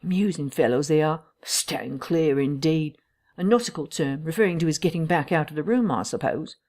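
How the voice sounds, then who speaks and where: A woman's voice: sits low, normal speed, darkish tone. A woman voicing a pompous, evasive male vicar in an audiobook. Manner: pompous, hedging.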